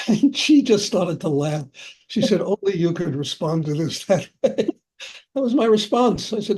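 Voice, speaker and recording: This older man, a spiritual teacher answering questions, shares personal stories chattily, laughs a lot and keeps saying "you know." His high voice is very animated, slightly mellow and husky, delivered slowly with long pauses.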